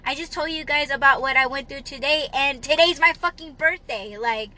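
A woman's voice: high-pitched, moderate pace, pushed and bright. A woman hosting her own podcast, ranting casually and heatedly with plenty of swearing, shrugging things off with a laugh. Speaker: podcast host. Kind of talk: casual solo podcast rant.

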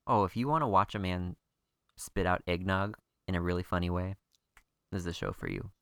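A man in his thirties with a very low voice co-hosts a podcast in easy, casual chat. He keeps tossing in playful jokes. The recording is close and dry. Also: brisk, vocal fry, a bit bright, smooth, no room sound. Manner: playful and joking. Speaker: podcast co-host.

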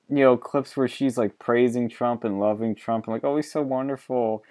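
A man's voice: medium pitch, moderate pace, few pauses, a little mellow. A man hosting a podcast in casual political chat, blunt and profane, laughing often. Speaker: podcast host.

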